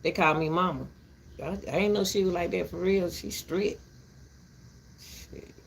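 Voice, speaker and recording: A woman's voice: lowish voice, steady tone, unhurried, slight background noise. An older woman ranting casually to her viewers from her back porch, blunt and rambling, breaking into laughter often. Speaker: vlogger.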